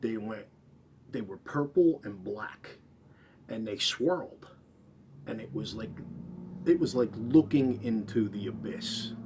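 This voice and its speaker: A man telling a first-person story, rambling, repeating and correcting himself, his voice trailing off quietly at the end of phrases. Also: fairly low pitch, lively intonation, slow pace, pauses often, a little hiss or hum.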